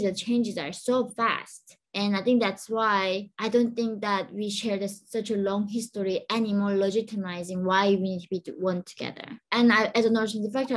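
An earnest young woman with a Korean accent, a native Korean speaker, answers an interviewer at length in a middle-pitched voice. She builds long, winding thoughts and keeps checking in with "right?" and "I mean." It is a conversational interview with an even, everyday delivery. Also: poor audio. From North Korea. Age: young adult. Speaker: guest.

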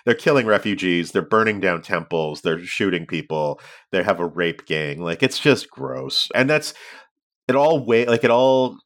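A man co-hosting a podcast, discussing comics in casual, animated chat. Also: fairly low pitch, moderate pace. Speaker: podcast co-host.

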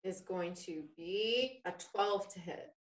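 A woman's voice: on the low side, slow, echoey room, far from the mic. A woman playing a tabletop game, talking hesitantly and thinking aloud as she works out her turn. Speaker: player.

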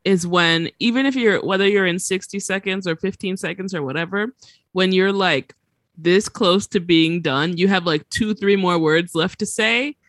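A woman in casual group chat, expressive and opinionated. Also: fairly low pitch, moderate pace, dry recording.

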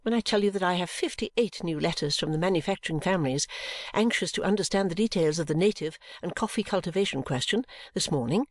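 A serene, self-absorbed mother speaks in a calm, clear voice , as a woman reader puts her on. She sits a touch low and unhurried, dismissing everything with composure. The sound is dry and close, with no room around it. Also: dry recording. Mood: serene, dismissive.

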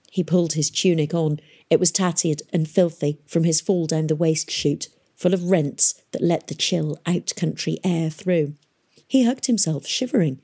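A woman narrating an audiobook in a measured, gentle storytelling manner. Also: low voice, breathy edge. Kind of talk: scripted narration.

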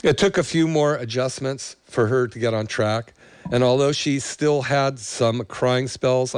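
Reading a patient's testimonial, this chiropractor becomes emotional and chokes up before chatting with enthusiasm about his practice. His mid-range voice sounds clean, and the recording is dry.

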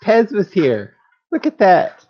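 A man's voice: high-pitched, huge pitch swings, slow pace. A man hosting a game stream, chatting casually and laughing often. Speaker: stream host. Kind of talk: casual chat. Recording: slightly dull mic.

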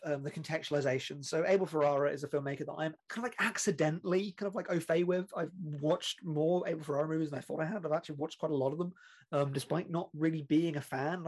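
A man's voice: fairly high pitch, a little mellow. A British man co-hosting a film podcast, talking in a chatty, rambling way with lots of fillers and laughs. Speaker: podcast co-host. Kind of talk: casual film podcast chat.

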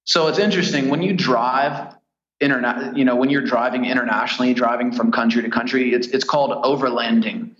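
Man from the US, guest on a podcast, relaxed storyteller, dull roomy line. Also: mid-range voice, a little fast. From United States. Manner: easygoing storyteller, chatty and detailed. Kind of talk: casual interview chat.

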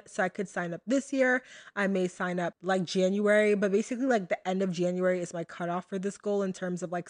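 A young American woman hosting her own podcast, talking casually and chattily to her listeners with lots of fillers and asides. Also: mid-range voice. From United States. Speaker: podcast host. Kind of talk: casual solo podcast talk.

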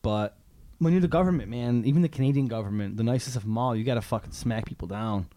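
A man's voice: medium pitch, quick pace, warm tone, slight background noise. A man co-hosting a podcast in rambling, laid-back, profane banter, full of "like" and restarts. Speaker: podcast co-host. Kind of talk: casual podcast chat.

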